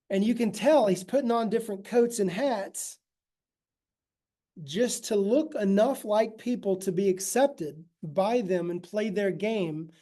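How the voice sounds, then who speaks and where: A man's voice: sits high, a little slow, mellow. A man giving a casual, conversational ministry talk, often checking in with his listeners. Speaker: ministry teacher.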